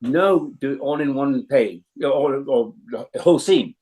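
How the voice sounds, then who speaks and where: An older actor as a guest, chatting casually and telling anecdotes with lots of fillers and restarts. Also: male voice, medium pitch, lively intonation, a little slow, darkish tone, rough recording. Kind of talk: casual interview chat.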